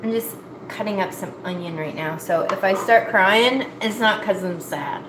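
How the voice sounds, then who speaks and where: A mid-range female voice at a moderate pace belongs to a cooking vlogger from Nova Scotia, Canada. Cooking in her home kitchen, she makes rambling, folksy, self-mocking small talk. Clattering pots and dishes echo around the room.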